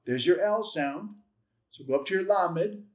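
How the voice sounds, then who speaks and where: A man's voice: high voice, lively intonation, unhurried. A man teaching a language lesson, patiently sounding out letters and syllables one at a time, repeating them and correcting himself with light humor. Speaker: Bible Hebrew teacher. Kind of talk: classroom-style language lesson.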